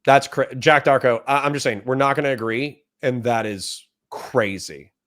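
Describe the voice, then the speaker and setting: A man hosting a livestream, reading out chat comments and answering them bluntly, with plenty of swearing and quick flare-ups of anger. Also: mid-range voice, a bit bright. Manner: blunt, profane, quick to get heated. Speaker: livestream host.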